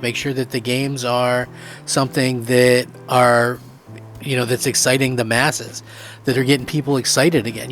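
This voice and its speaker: Man, gaming commentary host, excited, rambling, filler words, mid-pitched voice, faint music bed. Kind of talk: opinion commentary.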